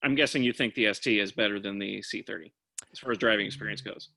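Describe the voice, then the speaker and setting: A man's voice: on the low side, quick pace, creaky, pushed and bright, no echo. A man guesting on a podcast, giving short, easygoing answers and laughing often. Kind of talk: casual chat.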